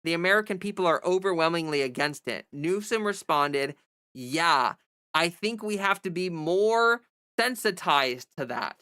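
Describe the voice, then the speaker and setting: Woman reading an article aloud, low voice. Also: lively intonation, a little slow, bright, forceful tone, smooth, dry recording, clean studio sound. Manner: reads news text, then breaks off into exasperated sarcastic asides. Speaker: livestream commentator. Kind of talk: reading an article and ranting commentary.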